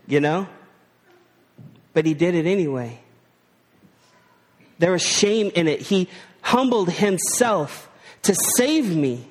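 A man preaches in a relaxed, conversational way with a fairly high voice. He asks rhetorical questions and uses casual slang while he teaches from scripture. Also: unhurried, big-room sound. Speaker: pastor. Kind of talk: sermon.

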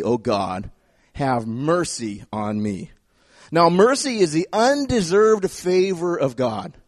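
A man preaching a sermon in an animated way, repeating phrases for emphasis and acting out the voices he quotes. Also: high-pitched, dry recording, clean studio sound. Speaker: pastor.

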